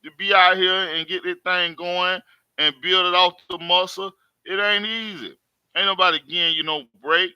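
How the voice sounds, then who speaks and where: A man hosts his own live stream from home, talking to his viewers in a high, bright voice. He speaks in emphatic, repetitive street talk, circling back to the same points again and again. The sound is dry and close. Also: steady tone, moderate pace, clean tone, no echo. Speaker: host.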